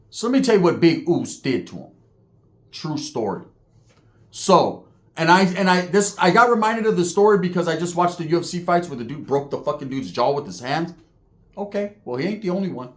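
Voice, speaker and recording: A man telling prison stories in a casual monologue, animated and profane, heavy on street slang, acting out the people he describes. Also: fairly high pitch. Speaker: storyteller recounting prison life.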